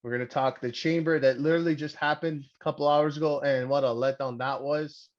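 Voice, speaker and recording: Excitable, crude young man podcasting. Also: on the high side, a little fast, lo-fi sound. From Canada. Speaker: podcast host. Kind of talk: casual profane chat.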